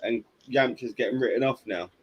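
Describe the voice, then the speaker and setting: A man's voice: mid-range voice, brisk, slightly rough, dull audio. A man co-hosting a casual podcast chat, chatty and a bit hesitant. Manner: chatty, hesitant with fillers, laughs at jokes. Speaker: podcast co-host.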